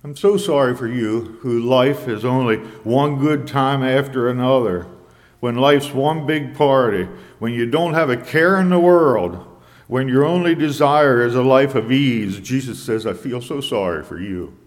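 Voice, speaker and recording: A man preaching a sermon in a measured way, quoting scripture in old English. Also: medium pitch, in a large hall.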